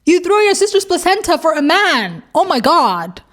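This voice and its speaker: A woman's voice: extremely high pitch, moderate pace. A woman hosting a reaction video, ranting bluntly and heatedly as she comments on online posts, swearing freely. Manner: animated, emphatic rants.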